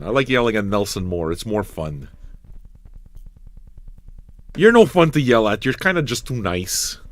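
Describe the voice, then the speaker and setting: Male livestream DJ host, profane and rambling, bright tone, dry sound. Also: fairly low pitch, no room sound. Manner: profane, rambling, mock-ranting at chat. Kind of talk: casual live radio banter.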